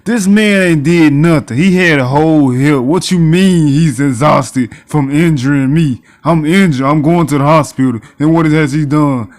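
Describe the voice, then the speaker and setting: Slightly high-voiced man ranting over a game. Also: moderate pace, few pauses, darkish tone. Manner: exasperated ranting with slang; reads game text aloud. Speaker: gaming YouTuber. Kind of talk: casual gameplay commentary.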